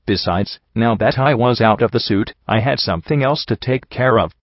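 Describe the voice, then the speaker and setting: A man reading a first-person story aloud in a steady, even way, recorded dry and slightly dull. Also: mid-range voice, normal speed, no echo. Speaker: audiobook reader.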